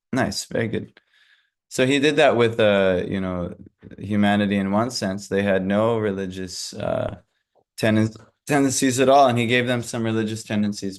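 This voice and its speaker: Man, lowish voice, hiccups, halting scripture lesson, frequent fillers. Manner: halting, many fillers and restarts. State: has hiccups. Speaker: scripture class teacher.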